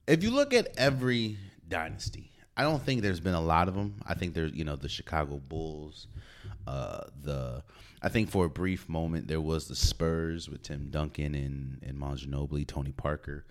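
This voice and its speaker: Hosting a sports podcast alone, this man speaks at normal speed in an extremely low pitch. He's casual and animated, laughing frequently and stopping to repeat words as he restarts, recorded on a podcast mic.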